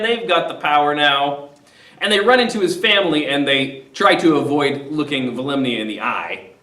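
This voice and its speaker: A man hosting a casual, animated play summary, retelling scenes with quick put-on voices. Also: fairly high pitch. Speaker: literature discussion host. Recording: roomy echo, mic at a distance.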